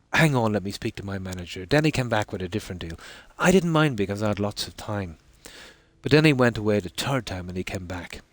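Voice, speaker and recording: A man's voice: fairly low pitch, no room sound. A man with an Irish accent telling a long rambling story while streaming a game, with a lot of "I said". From Ireland. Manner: rambling anecdote, frequent "I said".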